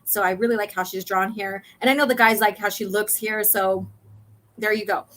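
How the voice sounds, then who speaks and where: A woman hosting a casual chat, walking through comic pages and reading lines aloud with many pauses. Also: mid-range voice, steady tone, a bit bright. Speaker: host.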